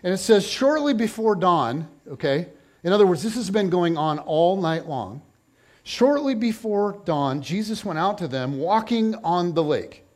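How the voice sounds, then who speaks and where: A man preaching a sermon, telling the story in a lively, joking way and acting out the people in it. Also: high voice, unhurried. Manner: animated, jokey storytelling with voiced asides. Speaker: pastor.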